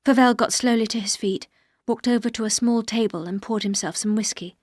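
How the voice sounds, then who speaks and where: Woman narrator, clear even reading, dry close studio sound, audiobook. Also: fairly high pitch, a little fast, no room sound. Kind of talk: scripted audiobook narration for learners.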